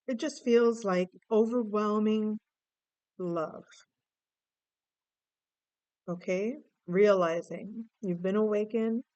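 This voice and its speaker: A woman's voice: medium pitch, darkish tone, clean tone, no echo, lo-fi sound. A woman giving a casual tarot reading to camera, musing and emotive, thinking aloud and often restarting her sentences. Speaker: tarot reader.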